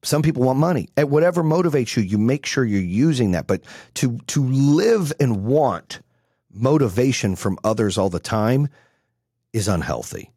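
A man's voice: mid-range voice, sing-song, normal speed, mellow, slightly rough, no room sound, studio quality. A man in his forties giving a blunt, profane motivational talk as a business coach, swearing freely and speaking with brash conviction. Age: 40s.

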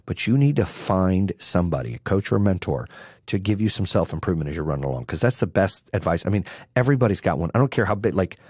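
Man, 40s, business coach, profane and blunt, slightly low and husky, dry close sound. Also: lively intonation, fast talker, darkish tone, dry recording. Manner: brash, blunt and swearing. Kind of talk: profane motivational talk.

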